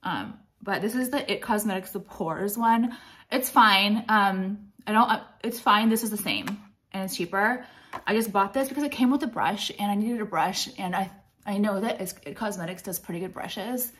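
A woman's voice: mid-range voice, normal speed, a bit bright. Blunt, foul-mouthed woman in her late 30s. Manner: blunt, profane, rambling. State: out of breath. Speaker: beauty vlogger. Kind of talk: casual makeup tutorial chat.

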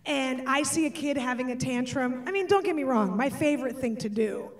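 A woman performing a stand-up comedy set, animated and switching between voices. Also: high-pitched, fairly quick, recorded from a distance. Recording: live stage, off-mic, audience laughter.

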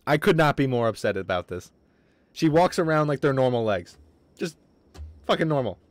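A young man commentating his game on a livestream, excitable and swearing, with quick outbursts of frustration. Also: medium pitch, no room sound. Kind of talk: casual gaming livestream commentary.

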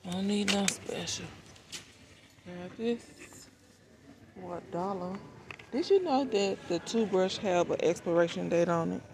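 Gravelly-voiced woman vlogging in a store. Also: lowish voice, measured pace, pauses often. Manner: chatty, thinks aloud about prices. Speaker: shopping vlogger. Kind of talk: casual chat to viewers while shopping. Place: large supermarket, indoors. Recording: noisy store background.

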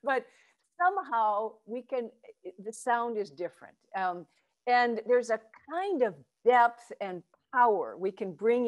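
A woman teaching a Zen chanting workshop over a video call, guiding students with encouragement and light laughter. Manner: demonstrates chants and low vowel sounds from the belly.

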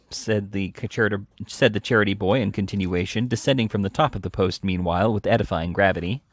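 Low-voiced man reading a novel. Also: dry recording. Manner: measured, deliberate reading with occasional restarts. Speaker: audiobook reader. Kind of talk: reading a classic novel aloud.

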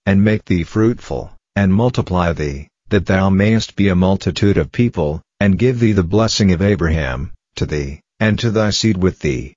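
A man reading scripture aloud in a measured, solemn way for an audiobook. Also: low-pitched, a little mellow, dry recording. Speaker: Bible audiobook reader. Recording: dull lo-fi, dry.

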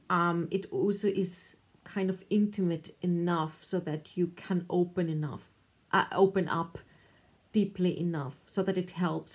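Encouraging woman, low voice. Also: darkish tone. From Austria. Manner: thoughtful, encouraging, pauses with fillers. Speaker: artist and video creator. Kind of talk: advice talk to camera.

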